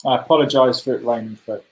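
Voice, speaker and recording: With a roomy echo around him, a medium-pitched man leads a children's club through a letter-guessing game on a video call. He keeps up friendly chatter and cheers players on by name.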